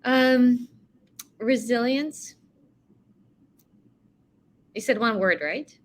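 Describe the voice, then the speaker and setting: A woman's voice: a little high, very slow. A woman answering interview questions thoughtfully, laughing and rambling a little. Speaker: interview guest.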